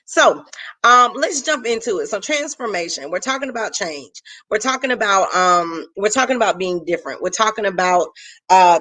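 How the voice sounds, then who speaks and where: A woman's voice: lowish voice, bright, forceful tone. A woman hosting a faith-based live stream, chatting casually with viewers and greeting them by name.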